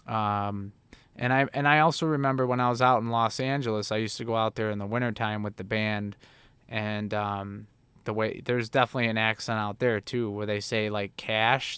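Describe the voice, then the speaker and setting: A man's voice: mid-range voice, fairly bright tone, clean tone, dry recording. Laid-back Chicago-accented man in his thirties. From Illinois, USA. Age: 30s. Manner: rambling, profane, laid-back. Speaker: video reviewer. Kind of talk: casual reaction chat.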